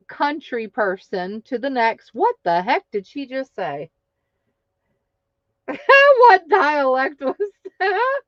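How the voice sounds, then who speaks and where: A woman hosting an online craft market live stream, exuberant and cheering winners with loud whoops. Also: sits high, no echo, muffled recording.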